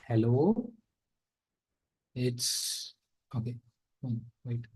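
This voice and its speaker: A man's voice: medium pitch, animated, very slow, darkish tone, low-quality recording. A man giving a casual live coding lesson, thinking aloud with fillers and asides. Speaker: programming instructor.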